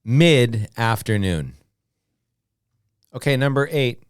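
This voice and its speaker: Slow, deliberate American English teacher man. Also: mid-range voice, expressive, clear, resonant tone, no echo, studio quality. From United States. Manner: drills words slowly, repeating each one with many "okay"s. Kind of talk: slow, repetitive beginner English lesson.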